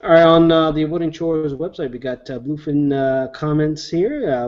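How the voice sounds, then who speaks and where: A man's voice: on the high side, normal speed, hardly any pauses, darkish tone. Casual rambling male host reading viewer comments over a muffled web call. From Cape Breton, Nova Scotia. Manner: jokey, rambling, with filler. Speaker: show host. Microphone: video call. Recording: dull lo-fi web call audio.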